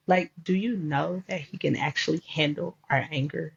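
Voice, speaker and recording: A woman's voice: low voice, fairly even intonation, normal speed, gravelly, hardly any pauses, breathy edge. A woman life coach talking about faith and grief in an emphatic, preacherly storytelling way. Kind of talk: faith-based conversation. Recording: dull lo-fi sound.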